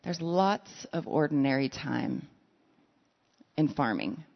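A woman's voice: sits low, expressive, takes it slowly, creaky. A woman preaching a conversational sermon, telling stories with self-deprecating asides. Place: church sanctuary. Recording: lo-fi sound in a reverberant hall.

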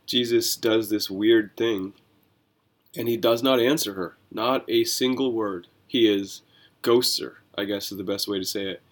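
A fairly low-pitched pastor leads a Bible reading podcast at an unhurried pace. He explores scripture in a conversational, animated manner, often using rhetorical questions.

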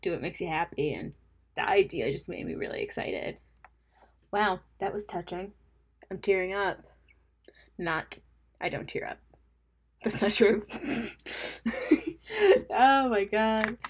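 A woman's voice: medium pitch, animated, measured pace, pauses often, husky. Young woman, podcast host, casual chat, rambling, self-mocking, laughs at own jokes. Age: young adult. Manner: drops into mumbled asides.

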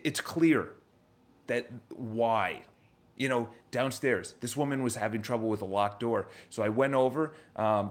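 A man in his thirties tells stories in a casual, animated motivational monologue. He swears now and then, restarts his sentences and repeats words as he goes. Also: medium pitch. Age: 30s.

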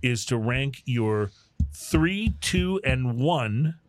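A man in his sixties hosting a casual beer-tasting chat show, relaxed and quick to laugh. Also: medium pitch, dry recording. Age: 60s. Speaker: podcast host.

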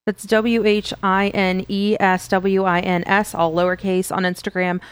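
A woman's voice: mid-range voice, little pitch movement, measured pace, smooth, dry recording. A young woman co-hosting a podcast, chatting casually and trailing off with fillers. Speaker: podcast co-host. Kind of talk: casual chat.

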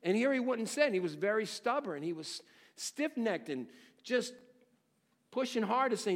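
A man preaching an expository sermon, dramatic and questioning, swinging between loud exclamations and near-hushed phrases. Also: high voice, animated, normal speed, long reverb tail. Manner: asks the listeners rhetorical questions. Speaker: pastor.

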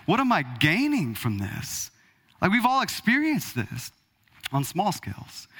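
A man in his thirties preaching a sermon in an animated, conversational way, acting out little asides to his church. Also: sits high. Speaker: pastor.

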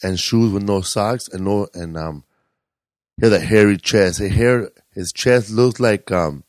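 A man's voice: lowish voice, a little slow, no room sound. A man co-hosting a podcast, telling stories about neighbors in a loose, rambling way with lots of hesitation. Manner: rambling, hesitant, many fillers and restarts. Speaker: podcast co-host. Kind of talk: casual storytelling chat.

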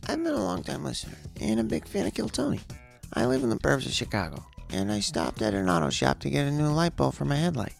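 Brief: earnest male listener reading his letter in a raspy, gravelly voice, put on by a podcast host. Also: mid-range voice, big pitch swings, fast talker, faint music behind, pitched above the performer's own voice.

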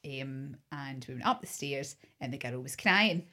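A middle-aged Scottish woman, a hair stylist, chatting in an interview with an animated, laugh-filled storytelling manner. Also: very deep voice, unhurried. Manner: animated, laughs often, breaks into lively impressions. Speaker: hair stylist and business owner.

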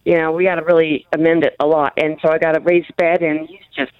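A woman's voice: sits low, little pitch movement, fast talker. A woman calling in to a radio show, talking in a casual, rambling, frustrated way. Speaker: caller. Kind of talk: phone call to a radio show. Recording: tinny phone line.

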